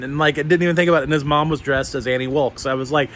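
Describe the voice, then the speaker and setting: A man chatting casually in a vlog, rambling and excitable, with lots of fillers and some swearing. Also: mid-range voice, racing, hardly any pauses, slight background noise. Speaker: YouTuber.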